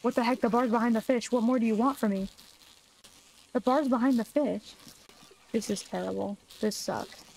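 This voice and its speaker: A woman's voice: fairly high pitch, normal speed, creaky, pauses often, darkish tone, slight background noise. A young adult woman streamer giving casual let's-play commentary, exasperated and jokey, talking back to the game as she plays. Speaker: gaming streamer.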